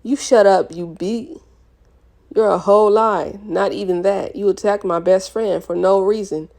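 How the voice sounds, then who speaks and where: Woman reading as a furious young woman yelling. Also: medium pitch, fairly even intonation, measured pace, close to an everyday voice. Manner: yelling, cursing, heated. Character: furious young woman fighting her boyfriend.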